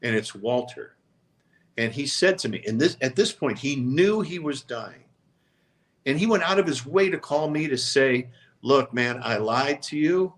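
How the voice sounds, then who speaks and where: Older sportscaster telling stories. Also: male voice, mid-range voice, lively intonation, normal speed. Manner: reflective, regretful storytelling with quoted voices. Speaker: sports talk show co-host. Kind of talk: casual storytelling chat.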